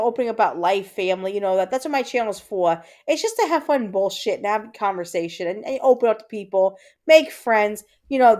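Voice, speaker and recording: This is a woman's fairly high, slightly mellow voice. She's in her thirties, hails from Puerto Rico and has the accent, and runs a laid-back livestream where she talks with viewers, reads comments aloud, and rambles with many fillers and repetitions.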